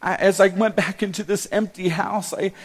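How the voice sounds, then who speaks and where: Emotional, halting middle-aged male pastor. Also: high-pitched, steady tone. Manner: emotional, halting, with repeated restarts. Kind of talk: personal testimony sermon.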